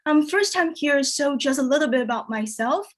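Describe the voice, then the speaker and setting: A woman performing a stand-up comedy set, whose first language is Chinese, telling jokes in a deadpan way and jumping much higher when she quotes people. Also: moderate pace. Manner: deadpan delivery, jumps high for quoted voices.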